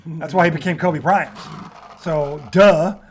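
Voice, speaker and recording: A man hosting a sports talk show, telling stories in an animated, profane way and acting out quotes. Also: on the high side, unhurried. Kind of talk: casual sports debate.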